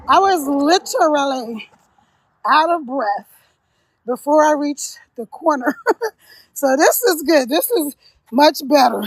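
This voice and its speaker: A woman's voice: sits high, no room sound. A middle-aged woman chatting casually to livestream viewers while walking uphill outdoors, a little out of breath and laughing often. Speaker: live streamer and online business coach. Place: outdoors on a hill.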